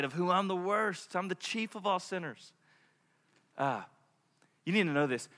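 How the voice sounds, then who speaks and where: High bright-voiced guy preaching, gets loud then drops to a hush, big reverb. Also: normal speed. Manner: animated preaching, shifting from loud to hushed. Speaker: pastor. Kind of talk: sermon.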